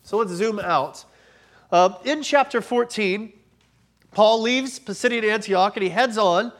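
Man, forties, pastor, high voice, chatty sermon, self-deprecating, laughs as he talks, a bit congested from allergies. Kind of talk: sermon with personal story.

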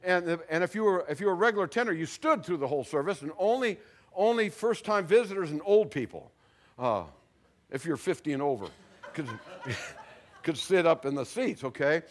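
A male pastor preaching a sermon, telling stories animatedly and dropping very soft at dramatic moments. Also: on the high side, normal speed. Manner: animated storyteller, acts out voices, drops very soft for dramatic moments. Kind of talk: sermon with storytelling.

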